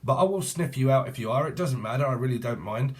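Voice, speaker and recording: A middle-aged British man rambles through a casual tarot reading, cracking crude jokes and swearing freely. His voice sits at an ordinary pitch, loose and chatty, drifting from topic to topic. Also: animated, fast, a little mellow. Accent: British English. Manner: jokey, swearing, rambling, bursts into sing-song. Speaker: tarot reader.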